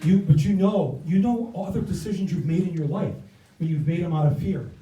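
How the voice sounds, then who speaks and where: An older man gives an impassioned stump speech as a campaign guest speaker at an indoor event, driving his points home with rousing, repeated phrases. His voice is high and brisk with a dark tone. The recording is muffled, from a distant mic in an echoey room.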